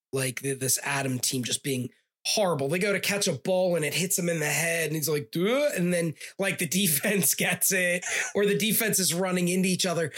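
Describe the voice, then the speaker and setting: Co-host with a husky, breathy voice, casual and mocking, laughs often. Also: medium pitch, fairly bright tone. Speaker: podcast co-host. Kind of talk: casual movie review chat.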